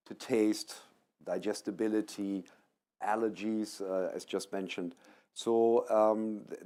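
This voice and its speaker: Measured man with a mellow low voice. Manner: measured, explanatory, with fillers. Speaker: panelist from the plant breeding sector. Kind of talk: panel discussion.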